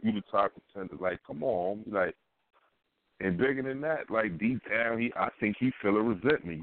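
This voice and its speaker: A man's voice: lowish voice, lively intonation, normal speed, vocal fry, dry recording. Slangy man on a phone-like line. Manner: slangy, emphatic, repeats phrases. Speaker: podcast co-host. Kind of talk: casual chat. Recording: phone-like line with faint noise.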